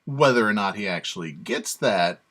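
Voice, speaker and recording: A man's voice: on the low side, expressive, normal speed, a bit bright. A man hosting his own channel, giving sarcastic, emphatic opinionated commentary and chuckling to himself. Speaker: channel host.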